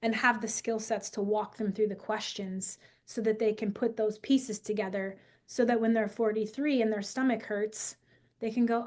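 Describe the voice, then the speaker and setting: A woman in her forties, a podcast guest and school founder, talking in an energetic, emphatic coaching tone. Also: medium pitch, moderate pace. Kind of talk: podcast conversation.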